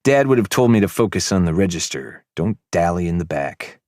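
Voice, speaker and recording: A man reading a first-person romance audiobook in a calm, measured way. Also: deep voice, no echo, clean studio sound. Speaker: audiobook narrator.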